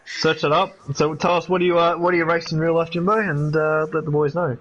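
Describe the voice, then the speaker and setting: A male co-commentator on a sim racing live stream, his voice slightly high and heard through dull, lo-fi audio. He jokes around and laughs easily. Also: flat delivery, brisk, a bit bright.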